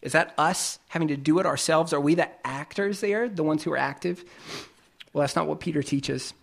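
Man preaching a lively conversational sermon. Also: on the high side, moderate pace, creaky. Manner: conversational preaching with everyday examples. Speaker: pastor.

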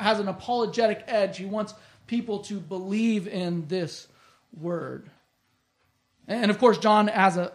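An earnest Bible teacher explaining scripture in an emphatic way, often dropping the voice low on key phrases.

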